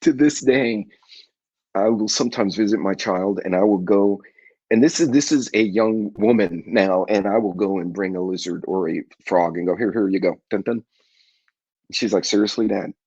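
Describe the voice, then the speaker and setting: A middle-aged man hosting a casual live chat with viewers, telling rambling folksy stories and clearing his congested throat often. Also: on the low side, normal speed, a little mellow, no echo, low-quality recording. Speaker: livestream host.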